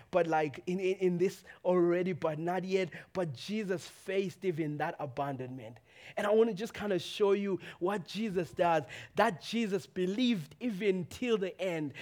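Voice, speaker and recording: Male pastor, high-pitched, delivering a passionate sermon in a church. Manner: impassioned preaching, rising to shouts then quieting.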